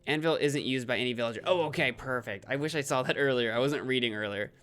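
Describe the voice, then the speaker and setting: A man talks through his gameplay on a live stream, thinking aloud and answering viewers in chat. His voice sits in an ordinary middle pitch, and he is quick to make fun of himself. Soft game music plays faintly behind him. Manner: chatty, self-deprecating, reads chat aloud.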